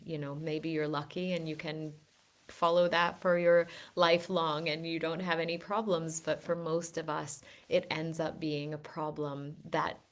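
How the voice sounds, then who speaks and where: A woman giving an earnest, gently persuasive wellness talk to her group, with frequent restarts. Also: low-pitched. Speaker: wellness teacher. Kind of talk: reflective teaching talk.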